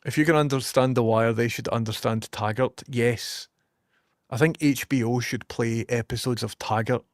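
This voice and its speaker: A young man with a broad West of Scotland accent rants animatedly to his viewers, peppering his talk with swearing. His voice sits at an ordinary middle pitch, recorded close and dry with no room sound at all. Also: fairly even intonation, moderate pace, dry recording. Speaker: streamer chatting with viewers. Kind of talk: casual chat.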